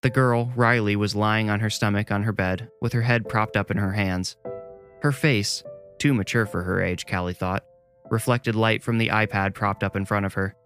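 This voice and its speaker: A man reading a scripted horror story in a measured, deliberate way. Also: on the low side, steady tone, a bit bright, soft background music. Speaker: narrator.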